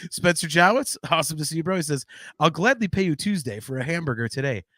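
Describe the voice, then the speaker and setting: A man in his forties, co-hosting a podcast, who tells family stories in a lively, laughing way and reads out chat comments. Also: a little high, a little fast, dry recording, clean studio sound. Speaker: podcast co-host.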